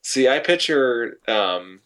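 A man's voice: mid-range voice, sing-song, slow pace, fairly bright tone. Easygoing young male co-host. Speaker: podcast co-host. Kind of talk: casual chat.

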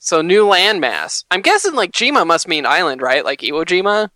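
Guy with a kinda high bright voice reading quirky headlines, dry studio sound. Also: sing-song, moderate pace, no echo. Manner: reads headlines then jokes about them. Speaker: podcast co-host reading news items. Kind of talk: casual chat.

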